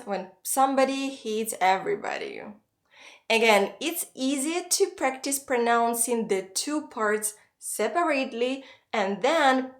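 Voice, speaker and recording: A woman gives a scripted online pronunciation lesson. Her voice sits a little high, and she speaks slowly and carefully as she models each long word. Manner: slow, careful modeling of Russian words. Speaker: Russian pronunciation teacher.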